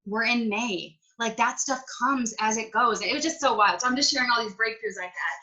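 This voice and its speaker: A woman's voice: fairly high pitch, brisk, bright, forceful tone, poor audio. A woman talking casually on a video call as a network marketing team leader, rambling emotionally and acting out her own past conversations. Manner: rambling, emotional, lots of "like" and quoted self-talk.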